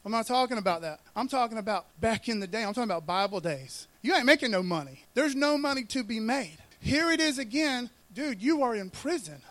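A man preaching a casual sermon, animated and full of slang, often calling listeners "man" and "dude". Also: very high-pitched, brisk, few pauses, dry recording. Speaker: pastor.

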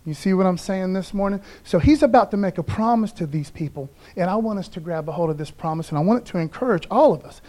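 A pastor talks fast, barely pausing, in a high, animated voice with a dark tone. It's a streamed Sunday sermon, conversational and laid-back, full of "okay, guys," and he stumbles on names when reading scripture.

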